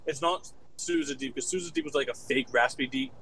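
A man's voice: mid-range voice, a loud crowd, low-quality recording. A man chatting on a casual podcast, telling rambling stories and drawing out his words. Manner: rambling storyteller, drawn-out words. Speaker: podcast co-host. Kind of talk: casual group banter.

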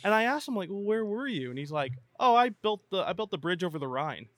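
A man's voice: sits high, fast talker. A man telling a story on a casual podcast, acting out both sides of a conversation. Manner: animated, acts out both sides of a dialogue.

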